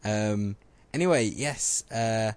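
A man's voice: on the low side, slow, a little mellow, clean tone. A man co-hosting a podcast in casual chat, joking and self-mocking. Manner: joking, self-mocking, puts on funny voices. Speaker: podcast co-host.

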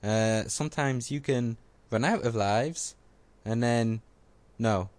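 A man's voice: medium pitch, slow pace, a little mellow. A man co-hosting a podcast in casual chat, joking and self-mocking. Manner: joking, self-mocking, puts on funny voices. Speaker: podcast co-host.

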